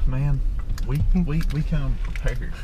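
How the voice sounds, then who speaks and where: A man's voice: medium pitch, steady tone, takes it slowly. A young man with a Southern US country accent, chatting casually with dry, drawling humor while out fishing. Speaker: fishing channel co-host. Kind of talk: casual chat on a boat. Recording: loud engine and wind noise.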